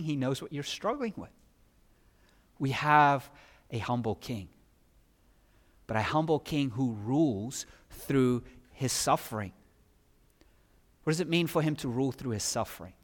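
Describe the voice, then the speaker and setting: A man preaching a sermon who asks his listeners questions and builds from quiet reflection to loud emphasis. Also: mid-range voice. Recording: long reverb of a large hall.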